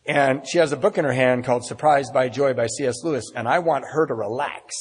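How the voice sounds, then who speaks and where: Middle-aged man, meeting speaker, husky slightly high voice, self-deprecating storyteller, reverberant hall. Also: a little fast. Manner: storytelling, self-mocking humor, acts out dialogue. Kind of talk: personal recovery talk at a meeting.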